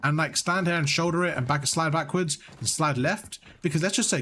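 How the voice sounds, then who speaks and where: A young man giving blunt, animated coaching on gameplay, swearing freely as he explains. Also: on the high side, quick pace, slight background noise. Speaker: gaming coach. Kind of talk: casual coaching over gameplay.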